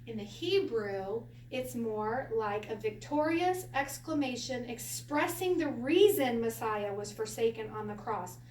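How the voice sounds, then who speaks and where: A woman teaching a Hebrew lesson to a class, animated and quick to laugh as she acts out quotes. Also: on the high side. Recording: echoey room from a distance, faint hiss.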